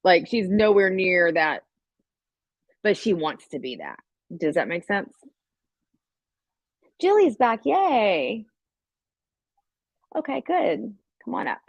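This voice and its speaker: A woman's voice: mid-range voice, very animated, slow, long pauses, no echo. A woman hosting a casual livestream, rambling and swearing as she talks straight to her viewers. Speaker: livestream host. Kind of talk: casual live-stream chat.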